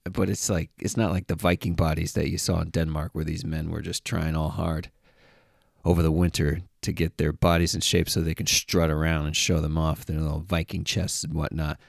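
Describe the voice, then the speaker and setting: A man's voice: a bass voice, level tone, normal speed, creaky, no room sound, clean studio sound. A man talking casually to camera as a travel vlogger, joking and sarcastic, with a rambling, offhand way of talking. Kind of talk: casual monologue.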